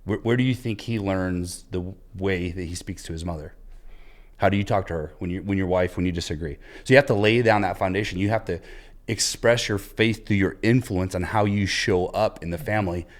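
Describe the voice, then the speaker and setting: Deep-voiced man giving earnest advice. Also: fairly quick. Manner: earnest, coaching, retells dialogue. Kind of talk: casual advice talk.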